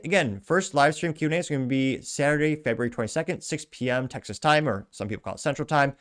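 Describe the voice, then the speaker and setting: A male host reads viewer comments aloud and answers them with blunt, sarcastic asides. His voice sits at an ordinary middle pitch. He talks in a casual, off-the-cuff commentary style. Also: fast, hardly any pauses, a bit bright.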